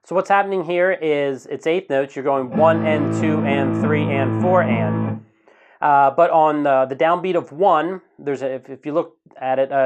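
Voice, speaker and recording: A man teaching a guitar strumming lesson in a relaxed, casual way, counting the beats slowly aloud. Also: medium pitch, muffled recording. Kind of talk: casual instructional talk. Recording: guitar playing in the background.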